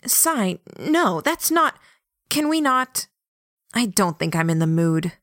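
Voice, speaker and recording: A woman voicing a brisk young woman who sounds flustered and exasperated. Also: medium pitch, sing-song, fairly bright tone, no echo, clean studio sound. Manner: exasperated, scolding.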